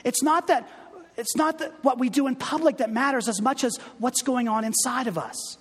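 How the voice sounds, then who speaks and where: A man's voice: extremely high pitch, moderate pace, breathy edge, in a large hall. A male pastor giving a conversational, humorous sermon full of asides.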